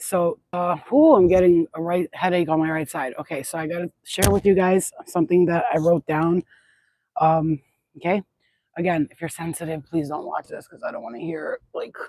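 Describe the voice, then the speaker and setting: A woman's voice: fairly low pitch, dark tone, no room sound, low-quality recording. A woman channeler chatting outdoors in a yard into a phone, rambling, blunt and swearing freely in a casual spiritual vlog.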